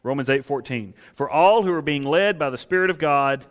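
Preaching as pastor, a man speaks emphatically, raising questions and answering them on his own. His voice is a little high, fairly quick, with hardly any pauses, captured with long hall reverb.

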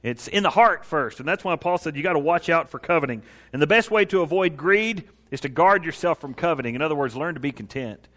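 Animated preacher in a reverberant hall. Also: male voice, fairly quick, hardly any pauses. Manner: animated storytelling, acting out biblical figures in a lowered voice. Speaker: pastor. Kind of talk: sermon.

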